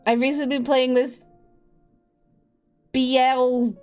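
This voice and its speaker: A woman's voice: sits high, level tone, takes it slowly, darkish tone, faint music behind. A tired young woman streamer chatting casually and rambling, often breaking into laughs.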